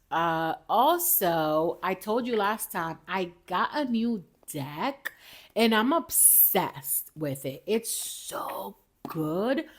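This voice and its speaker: A lively woman hosting a chatty motivational podcast. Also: medium pitch. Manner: lively, chatty, talks straight to viewers as "y'all"; sips coffee while talking. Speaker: podcast host. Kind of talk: casual motivational podcast chat.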